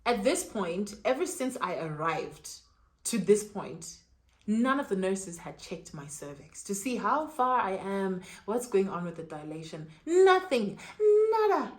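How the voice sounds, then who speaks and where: A young woman vlogger telling a personal story in a lively, dramatic way with casual slang. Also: medium pitch, measured pace. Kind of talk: storytime vlog.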